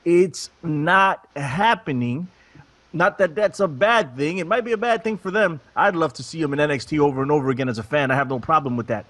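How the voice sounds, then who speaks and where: A man's voice: on the high side, brisk, a bit bright, dry recording. A man on a casual wrestling panel, blunt and teasing as he makes firm predictions.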